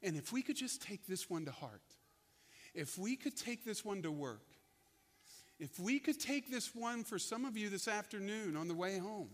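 A male pastor preaching a sermon, telling the story with lively energy and acting out the people he quotes. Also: sits high, long reverb tail. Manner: animated storytelling, acts out quotes.

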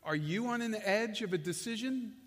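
A man's voice: high voice, moderate pace. A man preaching, voicing the apostle Peter as an earnest figure who urges his listeners and repeats himself. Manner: earnest, pleading, repeats words. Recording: long echo of a large hall.

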